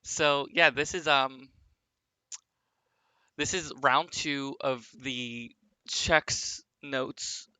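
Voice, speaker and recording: A male streamer chatting loosely with his viewers over a basketball sim, padding his talk with ums and uhs. He speaks slowly with a bright, sharp-edged tone. The sound is dry and close. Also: medium pitch, clean tone, no echo. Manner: rambling, filler-heavy, chatting with viewers.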